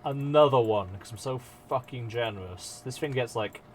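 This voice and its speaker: A man's voice: mid-range voice, moderate pace, a little hiss or hum. A man streaming live, chatting casually and self-mockingly with his viewers and swearing freely as he works.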